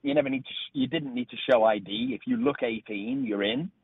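This middle-aged radio interview guest from Leeds speaks with a northern English accent, and his medium-pitched voice is husky, brisk and full of vocal fry. Heard over a dry phone line, he tells his stories in a relaxed way, restarting sentences as he goes.

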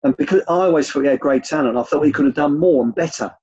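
An older man, a former youth coach, telling rambling anecdotes with many restarts in a relaxed interview. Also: on the high side, racing, dull audio.

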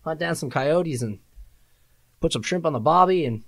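A man doing a playful, exaggerated Australian accent with flattened vowels, in a dry treated office. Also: fairly high pitch, normal speed, dry recording, voice pushed up. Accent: mock Australian.

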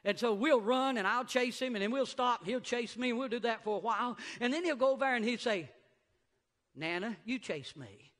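Middle-aged male pastor, a notably high, bright voice, a fervent preacher who slows down to stress points. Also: steady tone. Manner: emphatic preaching, slowing down for stress and rising to shouts. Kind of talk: sermon. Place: church sanctuary.

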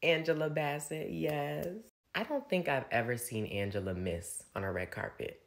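A man's voice: fairly high pitch, normal speed, creaky. A young man giving a casual, gushing fashion recap, chatty and full of "like" fillers. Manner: gushing, chatty, heavy use of "like". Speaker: fashion commentator. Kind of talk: casual red carpet recap commentary.

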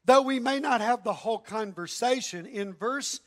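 A man preaching a sermon in an animated, emphatic, conversational way. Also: very high voice, moderate pace.

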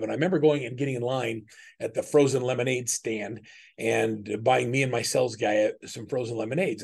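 Gravelly husky middle-aged male coach. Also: mid-range voice. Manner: earnest, conversational teaching with frequent restarts. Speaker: business coach. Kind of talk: webinar talk with personal stories.

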